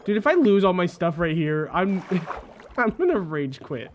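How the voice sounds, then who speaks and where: A man giving let's play commentary, rambling in exasperation, repeating himself, talking to his viewers and often bursting into loud indignant yelling. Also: high voice, big pitch swings, measured pace, a little hiss or hum. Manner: repeats phrases, talks to viewers. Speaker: gamer, channel host.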